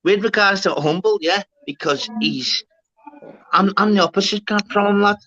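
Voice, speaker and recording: A man's voice: high voice, moderate pace, pushed and bright. A man hosting a live stream, bantering casually, swearing and laughing as he retells what he said. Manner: swearing, laughing, retelling his own lines. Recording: dull, dry lo-fi stream audio.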